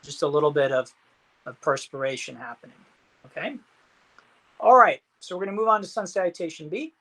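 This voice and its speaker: A man teaching an online yoga class, calmly cueing each breath and pose, with some fillers. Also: a little high, brisk. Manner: calm breath-cued instructions, some fillers.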